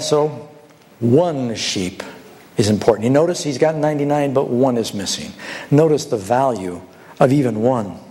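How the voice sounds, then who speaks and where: A man's voice: on the high side, a little mellow. A man preaching a sermon, telling stories and asking the congregation rhetorical questions.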